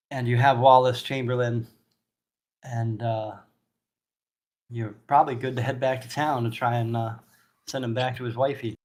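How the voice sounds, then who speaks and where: A man narrating a tabletop game as game master, casual and a bit hesitant. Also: medium pitch.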